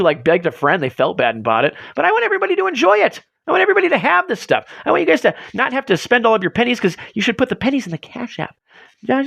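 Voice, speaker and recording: A man's voice: sits high, creaky, a bit bright, no room sound. A man hosting a casual livestream, rambling goofily and mocking himself, his voice getting strained. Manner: goofy, rambling and self-mocking. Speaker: livestream host.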